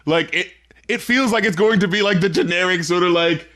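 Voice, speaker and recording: Guy co-hosting a podcast, high bright voice, laughs a lot, rambly casual chat. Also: brisk. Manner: laughs often, rambling with many fillers. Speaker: podcast co-host. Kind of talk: casual album review chat.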